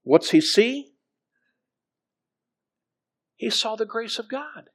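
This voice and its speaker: Higher-pitched man preaching a sermon. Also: lively intonation, slow pace, fairly bright tone, slightly rough. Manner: conversational, with frequent restarts and scripture readings. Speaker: pastor.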